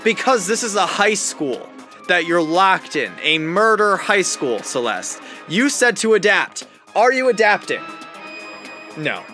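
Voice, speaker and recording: A man's voice: sits high, big pitch swings, unhurried, bright, forceful tone, soft background music, heavily acted. A man voicing a prim, haughty young woman gambler from a game, reading her lines aloud in a lofty, fussy way. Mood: lecturing.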